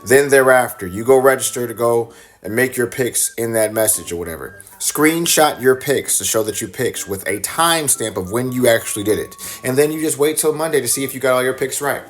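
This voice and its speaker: A man's voice: medium pitch, fairly quick, soft background music. A man hosting a podcast, giving repetitive step-by-step instructions in a teasing way and putting on a British accent. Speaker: podcast host. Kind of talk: recorded promo announcement.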